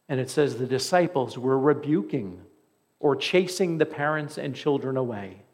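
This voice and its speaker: A man's voice: medium pitch, expressive, moderate pace, a little mellow. A man preaching a sermon as pastor, earnest and conversational, with emphatic repeats.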